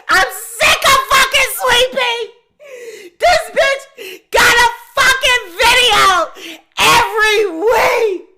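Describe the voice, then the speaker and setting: A woman's voice: extremely high pitch, bright, forceful tone. A woman who hosts a gossip channel, giving blunt, slangy, casual commentary. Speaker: gossip YouTuber host.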